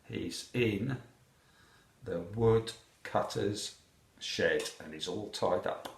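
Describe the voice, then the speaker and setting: A man reading a picture book aloud to children, animated and asking the listener questions. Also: lowish voice, drawn-out words, creaky, roomy sound, slight background noise. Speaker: storyteller.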